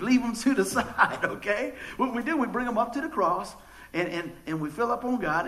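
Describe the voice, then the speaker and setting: This low-quality recording captures a pastor whose voice is high-pitched and fairly bright. His casual sermon is folksy, built on jokey stories, and he stammers and restarts often.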